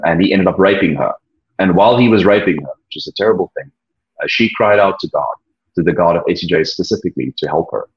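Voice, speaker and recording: A man being interviewed, speaking reflectively in a halting way, often repeating words and pausing with ums. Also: sits low, husky. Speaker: interview guest, former church leader. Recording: dull lo-fi audio.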